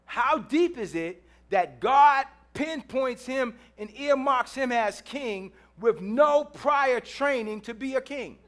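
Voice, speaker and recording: Bright high-voiced preacher telling stories. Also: male voice, slow pace, few pauses. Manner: lively storytelling with humor, acting out quotes; repeats phrases for emphasis. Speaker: pastor. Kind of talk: sermon. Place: church.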